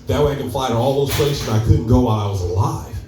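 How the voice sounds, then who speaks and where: A man's voice: mid-range voice, quick pace, a little mellow, far from the mic, natural voice. A man voicing a laid-back male office buddy who talks in a casual, musing way, in an echoey club room.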